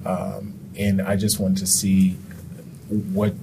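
Man, interviewer, low voice, hesitant, stammering, noisy recording. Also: monotone, takes it slowly, gravelly. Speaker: editorial board member. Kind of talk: interview questioning.

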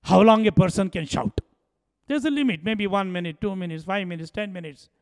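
Male preacher, high gravelly voice, chuckling storyteller, acts out dialogue, long hall reverb. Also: a little fast. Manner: storytelling with frequent laughs, acting out dialogue. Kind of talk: sermon.

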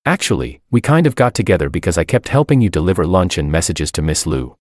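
A man's voice: low voice, very animated, quick pace, a little mellow, no echo, studio quality. A man narrator voicing a shy, nervous young male secretary who mumbles and hesitates.

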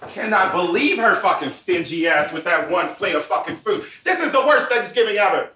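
A woman playing a brash, swearing party guest in a comedy sketch, loud and outraged. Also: lowish voice, animated, brisk, few pauses. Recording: echoey room from off-mic with faint noise.

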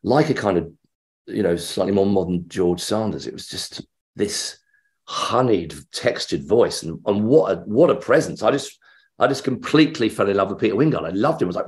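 A middle-aged actor interviewed as a guest, telling anecdotes in a lively way and acting out the voices of the people in them. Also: male voice, on the low side, moderate pace.

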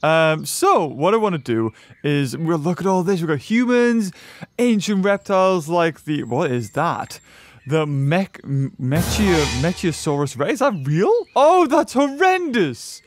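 High, lively man commentating gameplay. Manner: shrieks and laughs at the action, fast chatter. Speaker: gaming YouTuber.

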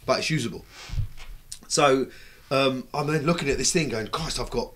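A middle-aged British man telling stories in a casual chat, lively and swearing freely as he acts out what people said. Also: medium pitch, normal speed. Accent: British English. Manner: animated, acts out quoted dialogue, swears freely. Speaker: bike builder, guest. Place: recording studio.

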